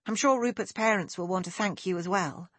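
A woman voicing a polite, gracious young lady who speaks gently and formally, in an audiobook. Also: mid-range voice, a little fast, no room sound, lightly acted. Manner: gentle, well-mannered and formal. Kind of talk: audiobook character voice.

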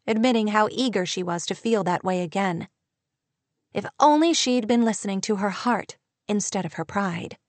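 Audiobook narrator: woman, mid-pitched, steady read, dry close studio sound. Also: no echo. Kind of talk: scripted narration.

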